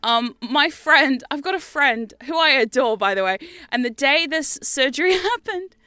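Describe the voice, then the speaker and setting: A woman's voice: sits high, lively intonation, normal speed, bright, forceful tone, no echo, studio quality. A young adult woman streaming, chatting casually in a rambling way, laughing often and swearing freely.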